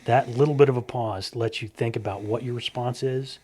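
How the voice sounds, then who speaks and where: Husky-voiced man telling stories. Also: medium pitch, moderate pace. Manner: animated storyteller who acts out quoted dialogue. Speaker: stunt coordinator and guest. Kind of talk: casual storytelling conversation.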